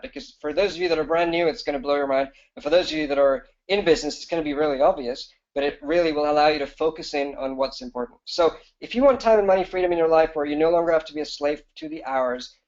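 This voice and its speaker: A business coach hosts a live webinar, his fairly high, slightly mellow voice pitching in a fast, eager rush. Fillers and restarts are everywhere, and the audio sounds dull and lo-fi.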